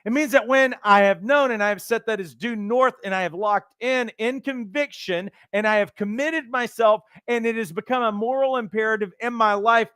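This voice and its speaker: Man, life coach, motivational teaching talk, high smooth voice, dry close sound. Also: dry recording. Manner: animated, acts out quoted voices.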